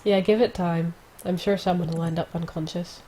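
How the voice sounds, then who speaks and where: A woman playing a tabletop game, chatting quickly and casually with the other players. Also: lowish voice, steady tone, mellow.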